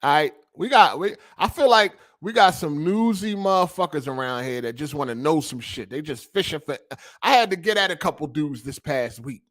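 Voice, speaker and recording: Man, young adult, high voice, podcast host, casual rant, heavy slang, lots of swearing. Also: moderate pace. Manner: profane, animated, slangy ranting. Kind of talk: casual ranting monologue.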